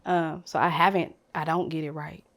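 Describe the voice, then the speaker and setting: A woman speaking candidly and emotionally in a panel conversation, swinging from hushed to loud. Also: sits low, flat delivery, moderate pace.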